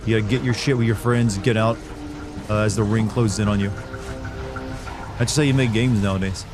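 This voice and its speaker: A man's voice: fairly low pitch, steady tone, brisk, pauses often, music in the background. A man streaming a video game, giving sarcastic, rambling casual commentary. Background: game sounds.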